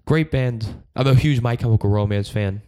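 A man's voice: mid-range voice, a little mellow, clean tone. A man who does stand-up comedy chats as a podcast guest. He gushes and rambles, often stopping and restarting mid-sentence. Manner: enthusiastic, rambling, halting restarts. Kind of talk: casual podcast chat.

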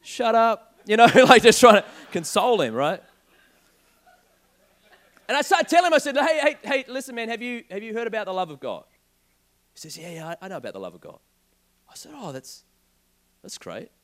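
A young man preaching a sermon, telling a joking personal story in an animated way. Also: sits high, fairly quick, long pauses. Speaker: pastor.

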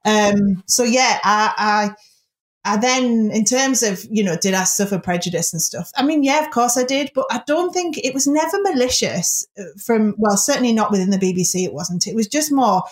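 A woman's voice: on the high side, lively intonation. A woman with a Northern English accent, a broadcaster chatting candidly as an interview guest. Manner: chatty, candid, quick asides. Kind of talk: casual interview chat. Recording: roomy echo.

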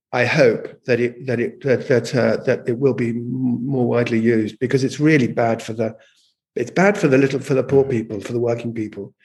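A man speaking as a guest in a conversational interview, telling stories animatedly, often repeating and restarting words as he thinks. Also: mid-range voice. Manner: animated storytelling, frequent repetitions and restarts. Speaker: guest, language campaigner.

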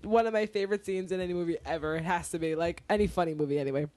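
A woman's voice: on the low side, rapid-fire, a little mellow, dry recording. Giggly woman gushing on a podcast. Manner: giggly, gushing, swearing freely. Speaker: podcast co-host. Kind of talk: casual chat. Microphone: close studio mic.

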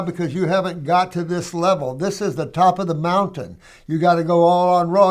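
A man with a fairly high voice hosts a health program in a loose, conversational monologue. He talks in a folksy, emphatic way. He calls his listeners "honey" and "dear one". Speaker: health show host reading viewer letters. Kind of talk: casual monologue answering letters.

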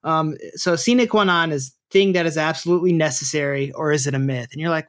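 Rambling, animated podcast co-host man. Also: on the high side, brisk, hardly any pauses. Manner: animated, rambling, lots of "like" and "you know". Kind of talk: casual podcast discussion.

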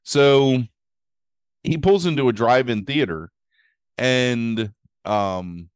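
Man, podcast co-host, casual rambling recap, filler-heavy, mid pitch, dry recording. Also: takes it slowly, smooth, no echo. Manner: rambling recap full of "like" and "um", acting out quotes. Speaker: podcast co-host reviewing a movie. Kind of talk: casual chat.

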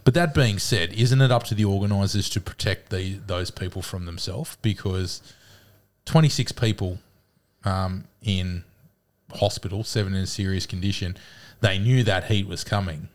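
A man's voice: low-pitched, moderate pace. A man with an Australian accent co-hosting a sports podcast, rambling with many fillers and restarts while getting over a cough. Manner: rambling, repeats words, lots of fillers. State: coughing, has a cold. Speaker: podcast co-host. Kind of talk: casual sports banter.

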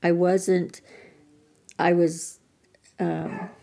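A woman's voice: fairly low pitch, little pitch movement, extremely slow, gravelly, warm tone. An older woman telling her personal recovery story as a podcast guest, candid, earnest and self-deprecating.

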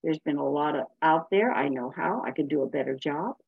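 A woman's voice: low voice, fairly quick, creaky, husky, no echo, narrow, tinny audio. A woman giving a blunt, emphatic personal share as a speaker at a recovery meeting.

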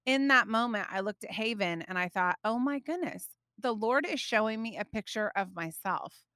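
Woman host in her thirties, devotional podcast, bright and animated, dry close sound. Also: a little high, moderate pace, dry recording. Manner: animated, chatty, frequent laughs; frequent fillers such as like and you know. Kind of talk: personal devotional storytelling.

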